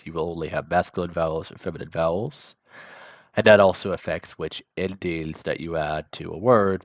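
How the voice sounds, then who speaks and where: A man's voice: low-pitched, vocal fry, no room sound, studio quality. A man teaching a language lesson in a casual, chatty way, enunciating carefully and dropping offhand asides. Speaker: language tutor.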